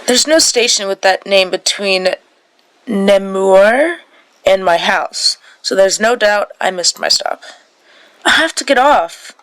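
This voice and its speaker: A woman's voice: mid-range voice, animated, slow, fairly bright tone, poor audio. A woman reading a story game aloud in a sleepy way, stumbling over words, correcting herself and breaking off for casual asides.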